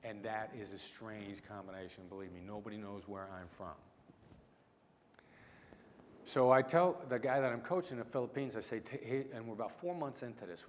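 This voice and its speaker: A middle-aged man with a mix of small-town Midwestern and New York City accent, giving a punchy keynote with dramatic pauses. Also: lowish voice. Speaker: keynote speaker, negotiation expert. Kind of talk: conference keynote storytelling. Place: large lecture hall. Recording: hall reverb, faint room noise.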